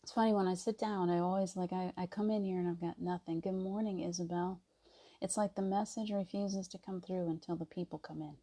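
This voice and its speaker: A woman hosting a casual live stream, chatting gently and greeting viewers by name. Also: fairly low pitch, fairly even intonation, fairly quick. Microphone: device mic on a video stream.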